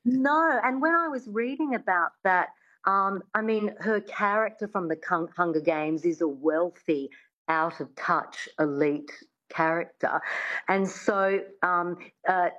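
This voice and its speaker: A woman accent coach talks through her answers in a measured way on a radio interview, often adding "yeah". Her voice sits slightly low and comes over a dull, lo-fi remote line. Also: a bit bright.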